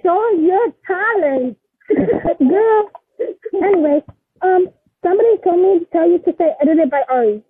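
A woman's voice: extremely high pitch, moderate pace, pauses often. A woman joining a live stream as a guest, giggly and scattered as she reads comments from the chat aloud. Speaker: livestream guest. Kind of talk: casual livestream chat. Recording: tinny phone-line sound.

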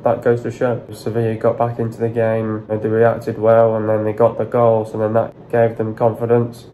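A man rants through a football breakdown in a mellow, low-toned voice that barely rises or falls. He is blunt and sweary, hammering the same complaints again and again. A faint hiss sits under the recording. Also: low-quality recording. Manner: frustrated, repetitive, blunt and sweary. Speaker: football fan vlogger. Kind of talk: ranting match analysis vlog.

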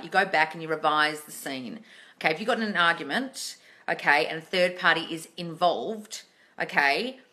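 A woman runs a live question-and-answer stream, and her voice is bright and forceful. She scolds her viewers bluntly and swears freely. Her pitch sits fairly low. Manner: sarcastic mimicry of viewers. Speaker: manifesting coach.

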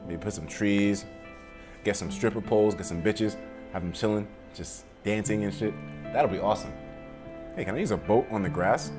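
A man casually commentating a game, rambling and swearing, sometimes bursting into loud laughter. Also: on the low side, normal speed, music in the background. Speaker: gaming commentator. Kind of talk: casual let's-play commentary. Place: room at home with windows open.

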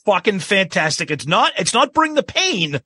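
Bright, husky man in his fifties. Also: sits high, moderate pace, no echo. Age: 50s. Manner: opinionated, animated, frequent restarts. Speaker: podcast co-host. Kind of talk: casual podcast chat.

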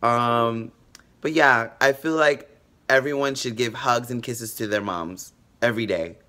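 Bright-voiced animated male vlogger. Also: a little slow. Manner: animated, jokey, swings in pitch. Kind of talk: casual storytelling.

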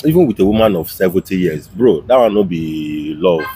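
A man's voice: deep voice, lively intonation, normal speed, mellow, a little hiss or hum, poor audio. A man chatting casually, giving emphatic advice. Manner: emphatic, advising. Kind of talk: casual chat.

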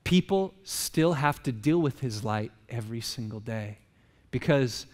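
A man's voice: mid-range voice, lively intonation, a little slow, in a large hall. A male pastor giving a casual, joking sermon, firing rhetorical questions at the congregation. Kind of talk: conversational sermon. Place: church sanctuary.

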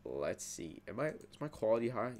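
A young man hosting a reaction video, talking back to the screen with excitable outbursts and mumbled asides. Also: on the low side, normal speed. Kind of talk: casual reaction commentary.

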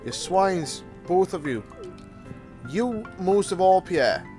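A man's voice: high-pitched, animated, slow pace, darkish tone, soft background music. A man giving casual gameplay commentary, exasperated and theatrical, grumbling and throwing mock insults.

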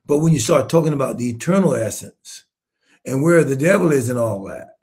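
A man in his seventies, a bishop preaching with emphatic rhetorical questions, swinging between hushed asides and shouted points. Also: mid-range voice, lively intonation, a little fast. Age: 70s. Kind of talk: sermon-style commentary.

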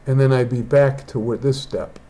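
A man's voice: medium pitch, steady tone, moderate pace, warm tone. A man who is a digital artist, rambling and thinking aloud as he walks through a casual painting tutorial indoors. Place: indoors, rain outside.

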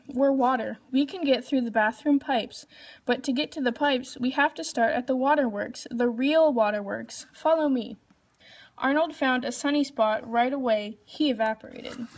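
A woman reads a children's storybook aloud in a fairly high voice, keeping the narration plain and raising her pitch for the characters' lines.

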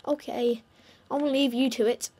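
A woman narrates her gameplay in a relaxed, drawn-out way, teasing her in-game animals in a playful singsong. Her voice sits a little higher than usual, and she takes her time with every phrase. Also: slight background noise. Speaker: gamer. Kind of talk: casual gameplay commentary.

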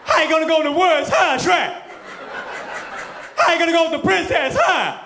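A male comedian doing a shouting impression of a brash comic actor, rapid and profane. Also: extremely high pitch, reverberant, pitched above the performer's own voice, full character voice. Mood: shouting mockery.

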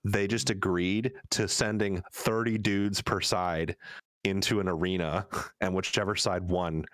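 A man's voice: low voice, steady tone, unhurried, fairly bright tone, no room sound, clean studio sound. A man chatting casually as a podcast guest, rambling with many restarts. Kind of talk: casual chat.

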